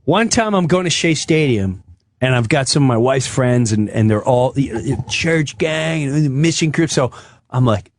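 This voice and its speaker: A man's voice: medium pitch, normal speed, slight background noise. A man telling a comic story in a studio, acting out voices as he goes. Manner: animated, acts out voices in quotes. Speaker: guest comedian.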